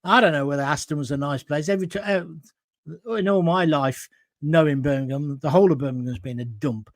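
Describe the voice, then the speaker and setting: Man, middle-aged, from Coventry, opinionated host, rambling talk, high-pitched, dry sound. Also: brisk, no room sound. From Coventry, England. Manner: blunt, rambling, conversational. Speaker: online show host. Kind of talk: opinionated monologue reading viewer comments.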